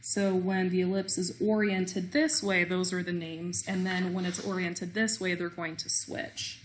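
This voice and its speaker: A woman's voice: fairly low pitch, little pitch movement, a little slow, slight background noise. A woman teaching a recorded math lesson, explaining step by step with small self-deprecating jokes.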